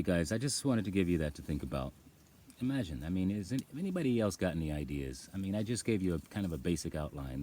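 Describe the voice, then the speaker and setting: A man's voice: sits low, dark tone, breathy edge. A man vlogging outdoors on a rural farm, rambling in casual talk and laughing as he acts out voices.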